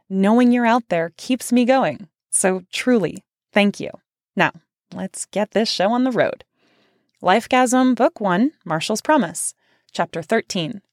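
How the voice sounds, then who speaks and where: A woman author reads her own book aloud, her voice sitting a little low. She narrates casually, dropping wry asides along the way. The recording is close and dry, with no room sound. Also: darkish tone, dry recording. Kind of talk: audiobook narration.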